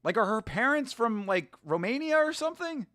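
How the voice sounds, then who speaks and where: Lively excitable man reacting live. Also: very high-pitched, moderate pace, dry recording, clean studio sound. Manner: excitable, laughs often, talks to chat. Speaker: streamer reacting to a grappling event. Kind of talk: casual live reaction chat.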